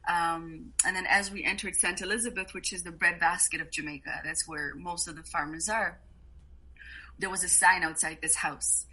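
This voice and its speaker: A woman guest on a podcast, telling travel stories in a casual, animated way and laughing often. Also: fairly low pitch, moderate pace, slightly rough, low-quality recording. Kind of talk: casual storytelling.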